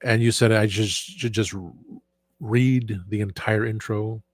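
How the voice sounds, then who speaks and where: Hoarse man hosting a casual stream. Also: lowish voice, fairly even intonation, a little slow, no echo. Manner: rambling, with frequent restarts and self-corrections. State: hoarse from a sore throat. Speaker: show host. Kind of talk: casual livestream chat.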